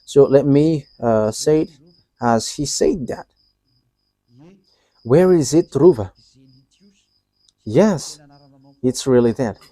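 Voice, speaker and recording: A man preaching a live sermon, halting, with many fillers and restarts and frequent chuckles. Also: medium pitch, animated, dark tone, dry recording.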